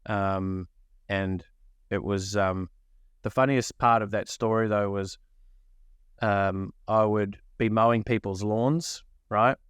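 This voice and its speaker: A middle-aged man from New Zealand hosting a podcast, telling a childhood story in a casual, animated way and acting out the people he quotes. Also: fairly low pitch, slow pace, clear, resonant tone, no echo, clean studio sound. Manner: animated, acts out quoted voices. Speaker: podcast co-host.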